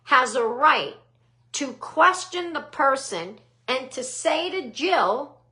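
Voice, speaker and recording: A woman hosts a live stream, venting a long grievance in an indignant tone. She swears freely and hammers points home by repeating herself. Her voice sits high and bright, and she takes her time. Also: very animated, takes it slowly. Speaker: livestream host. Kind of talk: ranting livestream monologue.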